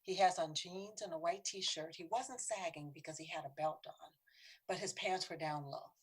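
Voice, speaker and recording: A middle-aged woman speaking on bias, telling a personal story dramatically and dropping to a breathy whisper for emphasis. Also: fairly low pitch, normal speed.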